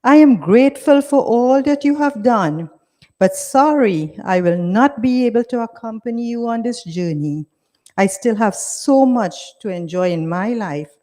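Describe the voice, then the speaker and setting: Storybook role: woman narrator doing a young daughter, gentle and apologetic, slow, hall echo. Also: a little high, expressive. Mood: regretful. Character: young daughter, loving but refusing. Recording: reverberant hall.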